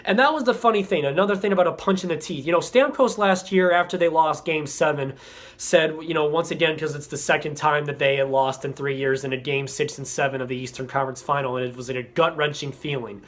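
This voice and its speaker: A man's voice: a little high, a little fast, fairly bright tone. A young man from Florida, a hockey fan vlogger, rambling through an angry rant about his team and swearing often.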